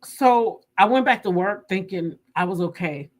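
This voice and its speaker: A woman telling viewers a personal story in a casual, animated and emotional way. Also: mid-range voice, normal speed. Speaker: vlogger.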